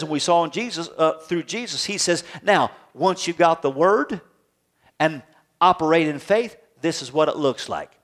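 Conversational male preacher, tenor-ish. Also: fairly high pitch. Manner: lively, conversational preaching with frequent rhetorical questions. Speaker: pastor. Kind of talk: sermon. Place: church service with congregation.

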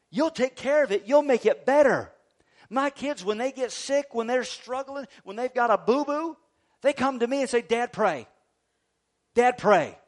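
A middle-aged male pastor preaching a sermon, swinging from quiet talk to loud shouted quotes. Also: extremely high pitch.

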